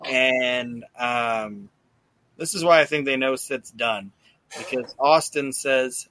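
Bright-voiced man, casual podcast recap. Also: medium pitch, unhurried, dry recording. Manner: animated retelling, acting out quotes, swears freely. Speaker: podcast host recapping wrestling. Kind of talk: casual chat.

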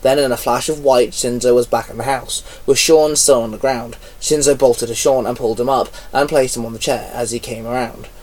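A man's voice: medium pitch, steady tone, a little fast, few pauses, darkish tone, far from the mic, low-quality recording. A man reading a fan-written story aloud, giving the characters barely any voice of their own. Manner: reads plainly, barely changes voice for characters. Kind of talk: amateur read-aloud narration.

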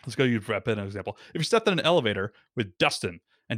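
Animated man explaining podcasting. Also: fairly low pitch, dry recording, clean studio sound. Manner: animated, quick explainer acting out quotes. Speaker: podcast guest. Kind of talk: casual podcast conversation.

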